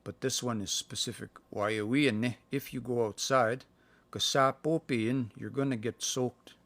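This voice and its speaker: A man's voice: medium pitch, steady tone, fairly bright tone, no room sound. Man sounding out phrases on a livestream. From Canada. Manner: thinks aloud, sounds out words slowly, many fillers. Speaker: language learner sharing practice phrases. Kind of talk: casual livestream language lesson. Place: indoors, livestream. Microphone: phone.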